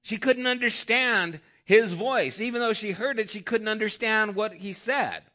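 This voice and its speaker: A man preaching a sermon, his voice sitting a little high and sounding bright and forward. He retells a story, dropping softer whenever he voices the thoughts of the person in it. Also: measured pace. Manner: retells a story, voicing quoted thoughts softly. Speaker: pastor.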